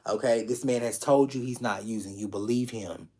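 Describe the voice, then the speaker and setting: A man's voice: medium pitch, fairly even intonation, normal speed, darkish tone. A man giving live-streamed tarot readings in a casual, affectionate way, talking straight to viewers, repeating phrases and swearing freely. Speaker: tarot reader.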